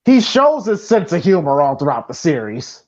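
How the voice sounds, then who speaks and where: A man co-hosting a casual movie commentary podcast, profane and excitable, rambling with lots of fillers. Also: a little high, normal speed, highs cut off. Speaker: podcast co-host.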